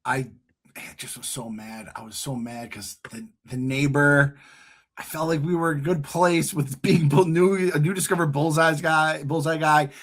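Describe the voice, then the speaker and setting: A man co-hosting a podcast, recapping TV episodes in casual chat, animated and jokey, often swearing. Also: on the high side, moderate pace. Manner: swears freely, jokey asides. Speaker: podcast co-host.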